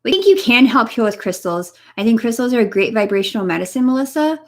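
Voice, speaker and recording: A young woman with a slightly high voice gives a live-streamed energy reading from her home. She speaks softly and encouragingly, addressing her viewers one by one by name. Her sound comes through a computer mic. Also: big pitch swings, fast. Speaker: energy reader.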